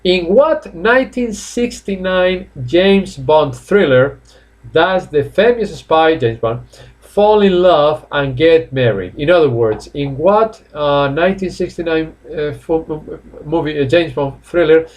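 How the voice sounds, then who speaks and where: A man's voice: a little high, lively intonation. Chatty man teaching an English class. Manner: chatty, repeats each phrase slowly. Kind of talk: live online class. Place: home.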